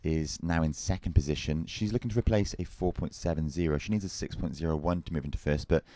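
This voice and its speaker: A man commentating live at a surf contest, giving measured, informative score updates. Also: extremely low pitch, warm tone, no room sound.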